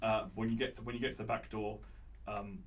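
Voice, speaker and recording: A man's voice: on the low side, little pitch movement, brisk. A man narrating a tabletop game as game master, stammering and repeating words as he goes. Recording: distant mic with faint noise.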